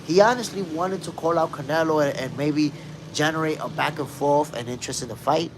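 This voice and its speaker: A man hosting a casual live boxing talk stream, speaking emphatically and shouting out viewers in the chat. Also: fairly high pitch, fairly quick, noisy background. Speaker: boxing show host.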